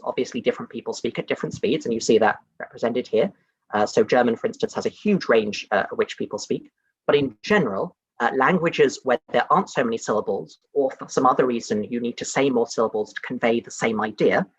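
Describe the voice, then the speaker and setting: A young adult man from the UK giving a casual science talk, chatty and conversational, often pausing with "um" and "like". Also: mid-range voice, a bit bright, slightly rough, no room sound, dull audio. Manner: chatty and conversational, many fillers like "um" and "like". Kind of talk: casual lecture to an audience.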